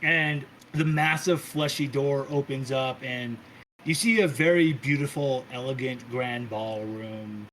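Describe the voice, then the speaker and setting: A man's voice: mid-range voice, a little slow, a bit bright, slight background noise, rough recording. A man narrating as game master, loose and casual, with restarts and the odd swear.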